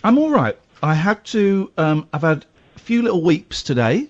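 Male radio host broadcasting from home, quick jokes and restarts, higher-pitched, muffled sound. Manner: lively, jokey, chatty, with stumbles and restarts. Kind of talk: casual late-night radio chat. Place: home room, crowded around one microphone.

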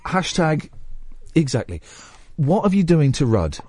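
A man's voice: unhurried, husky, no room sound. Guy on late night radio, rambly and jokey, voice bounces all over, dry studio sound. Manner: rambling, jokey, lively pitch swings. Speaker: radio host. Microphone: studio microphone.

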